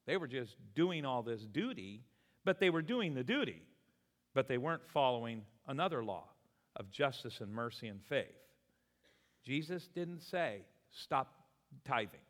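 In a church sanctuary with long, echoing hall reverb, a pastor delivers a sermon in a mid-range voice at a slightly slow pace. His preaching is lively and story-driven, and he voices the characters in his anecdotes as he tells them.

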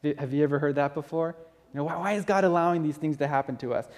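A pastor preaches with a slightly high, steady voice at a fast clip, earnest and conversational, often starting his phrases over. A large hall gives the recording a long reverb.

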